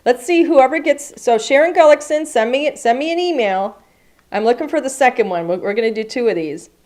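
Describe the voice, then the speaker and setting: This craft class host, streaming live from a craft studio, has a high-pitched, expressive voice with a darkish tone and a brisk delivery. She chats enthusiastically and thinks out loud as she works.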